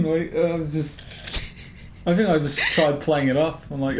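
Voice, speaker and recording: A man's voice: mid-range voice, fairly even intonation, normal speed, slight background noise. Young man rambling in voice chat. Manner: rambling, laughs through his story. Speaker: gamer in party chat. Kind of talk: casual storytelling chat. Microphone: headset over voice chat.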